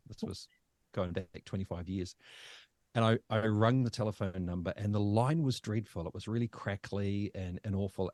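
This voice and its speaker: A New Zealand man in his fifties, a podcast guest telling his own story in a halting, emotional way with many restarts. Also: fairly low pitch, a little mellow, no echo. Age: 50s. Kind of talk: personal storytelling.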